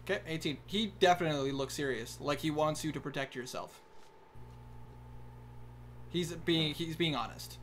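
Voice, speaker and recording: Rambling game master from Minnesota. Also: male voice, a little high, moderate pace, long pauses, slight background noise. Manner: rambling, filler-heavy, joking narration. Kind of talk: narrating a tabletop game over voice chat.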